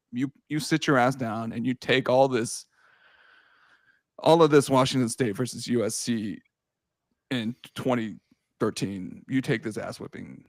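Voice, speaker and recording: Recorded with studio quality and no echo, this gravelly-voiced man in his thirties hosts a podcast. He chats casually and tells animated stories full of big swings, laughing and cursing, and shouts when things peak.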